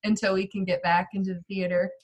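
A woman's voice: medium pitch, flat delivery, fast talker. A woman, a local actress, chatting casually on a podcast in a bubbly way with lots of fillers. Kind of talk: casual chat.

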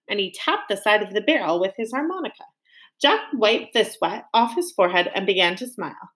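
A woman reading a children's novel aloud with expressive storytelling. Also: a little high, normal speed. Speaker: reader.

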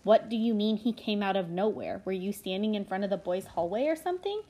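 A woman's voice: mid-range voice, expressive, brisk, warm tone, natural voice. A woman voicing a blunt teenage boy who questions and dismisses his friend curtly, in a storybook reading. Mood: questioning. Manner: curt, dismissive.

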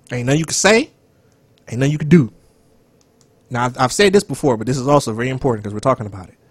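A man co-hosting a casual podcast chat, loud and animated, profane, sometimes dropping to a whisper. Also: medium pitch, no echo. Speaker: podcast co-host.

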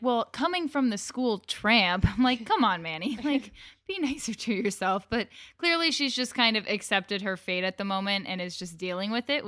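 A woman's voice: medium pitch, fairly bright tone, clean tone, no room sound, studio quality. A woman guest on a podcast, chatting casually about a TV episode and quoting scenes with amusement. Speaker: guest co-host. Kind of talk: casual episode recap chat.

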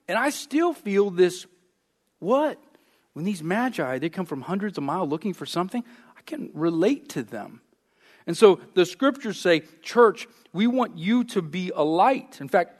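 Male pastor, sermon, lively rhetorical questions, slightly high voice. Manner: animated, conversational, rhetorical questions.

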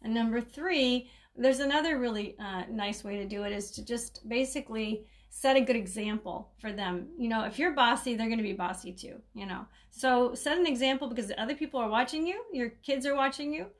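A middle-aged woman hosting a casual caregiving podcast, chatty and rambling, laughing often and restarting her sentences. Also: a little high. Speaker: caregiving coach and podcast host. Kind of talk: casual solo podcast talk.

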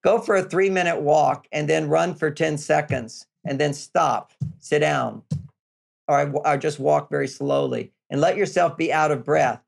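An older man speaks as an interview guest, laying out advice step by step and repeating his key points for emphasis. His voice sits a little high and carries a gravelly edge. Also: measured pace. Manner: explanatory, repetitive, emphatic. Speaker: relationship author, guest.

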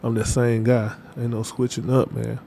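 A man's voice: medium pitch, little pitch movement, normal speed, vocal fry, warm tone, slight background noise. A man talking casually as an interview guest, in loose slang with lots of fillers and repeats. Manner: loose, repetitive street slang with many fillers. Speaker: interview guest, artist manager.

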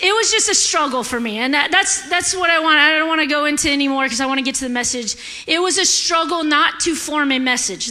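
A woman giving a sermon in a church, candid and animated, laughing often as she talks. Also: sits high. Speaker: guest preacher. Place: church sanctuary. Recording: echoey hall.

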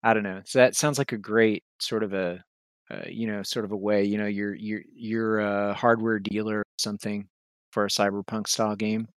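Hesitant low-voiced man, close and dry. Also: little pitch movement, normal speed, clear, resonant tone, no room sound. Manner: hesitant, searching for words with many fillers. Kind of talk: casual podcast chat.

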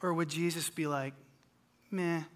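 Preacher giving a sunday sermon, slow deliberate delivery, bright forceful tone, jokes then drops quiet. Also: medium pitch, lively intonation. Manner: dramatic, acts out scripture scenes, swings loud and soft; humorous asides. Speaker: pastor.

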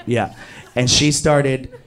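A man telling a comic true story to an audience, animated and self-mocking, leaping high in pitch on exclamations. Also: slow pace, vocal fry, some chatter behind.

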